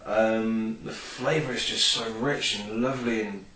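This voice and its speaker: A man's voice: on the low side, steady tone, measured pace, pushed and bright. A man reviewing a product in a casual, rambling vlog, full of ums and enthusiasm. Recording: roomy, distant from the mic.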